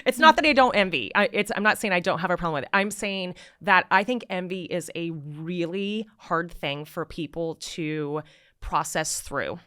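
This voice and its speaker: A woman's voice: on the low side, moderate pace, fairly bright tone, clean tone, dry recording, studio quality. A woman guest on a podcast, reflective and talking her thoughts through aloud. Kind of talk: casual conversation.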